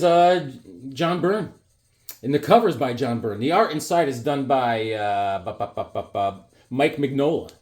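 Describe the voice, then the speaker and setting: A comic collector vlogger chats casually while showing comics, rambling through stories and acting out the people he quotes. His mid-range voice is a little mellow.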